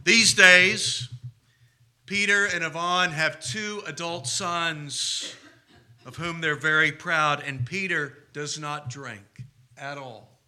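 A man's voice: on the high side, steady tone, slow pace, bright, forceful tone. A man preaching a sermon as a priest, telling stories with humor. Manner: storytelling with humor.

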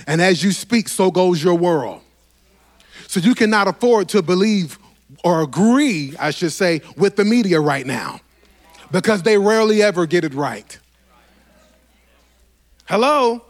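High-voiced man preaching a fervent sermon. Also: animated, unhurried, pauses often. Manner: fervent, rhythmic preaching with repetition and direct calls to the congregation. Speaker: pastor.

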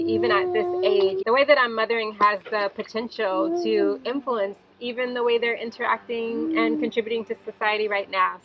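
A young woman, a mother, telling a personal story in a gentle, reflective way, later reading a prayer. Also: a little high. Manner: gentle, reflective, with soft fillers. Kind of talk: casual storytelling monologue. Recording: slightly dull, faint background hiss.

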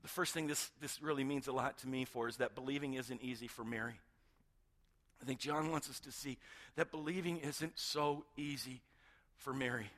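A middle-aged male pastor preaching a sermon, retelling a story with hushed moments and emphatic build-ups. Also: mid-range voice, moderate pace. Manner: animated storytelling, swings between hushed and emphatic.

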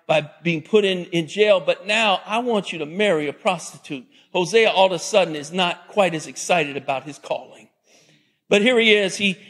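Husky man preaching in a reverberant hall. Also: high-pitched. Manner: animated preaching, acts out quoted voices. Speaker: pastor. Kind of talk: sermon.

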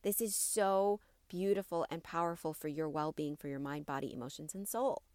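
A woman in her thirties hosting a wellness podcast, talking warmly and encouragingly to her listeners, often checking in with "right?". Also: low voice, moderate pace, no room sound. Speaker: podcast host and wellness coach. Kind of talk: solo podcast talk.

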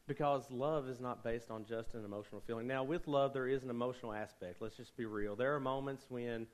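A man's voice: medium pitch, fairly quick, poor audio. A young man preaching a sermon as pastor, conversational with joking asides and rising emphasis.

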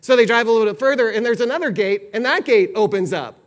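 A man with a very high voice preaches at a quick pace, telling a long story in sermon form. He is animated and acts out the quoted lines of the people in the story.

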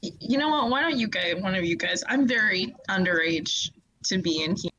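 A woman's voice: mid-range voice, animated, moderate pace, bright, forceful tone, lo-fi sound. A woman playing in a tabletop game podcast, talking hesitantly and stumbling over her words. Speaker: player. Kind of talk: casual tabletop role-play.

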